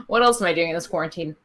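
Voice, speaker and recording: A young woman co-hosting a podcast, chatting casually about a wrestling match with many fillers and laughs. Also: on the low side. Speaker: podcast co-host. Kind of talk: casual wrestling recap chat.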